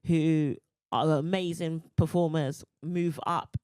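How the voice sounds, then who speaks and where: A woman's voice: sits low, steady tone, slow pace, darkish tone, clear, resonant tone, no echo, clean studio sound. A woman from England hosting a podcast, chatty and teasing, laughing often. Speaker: podcast host. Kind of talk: casual podcast chat.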